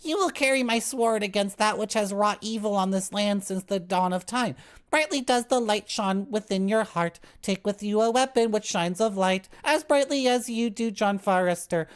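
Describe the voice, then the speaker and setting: A man's voice: high-pitched, normal speed, clean tone, voice pushed up, lightly acted. A man voicing an ancient male god who solemnly grants a hero a sword, declaiming in a raised, theatrical voice.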